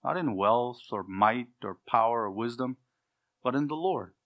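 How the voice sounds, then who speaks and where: A man's voice: medium pitch, animated, normal speed, a bit bright. A middle-aged man preaching an expository sermon, earnest and emphatic, building his points in repeated lists.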